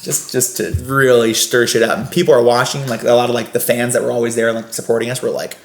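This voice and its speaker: A young man tells animated, rambling stories as a podcast guest. His voice sits in a middle pitch, and the room around him adds a noticeable echo. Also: fast talker, slight background noise. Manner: animated, rambling, many fillers. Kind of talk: casual storytelling. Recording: roomy echo.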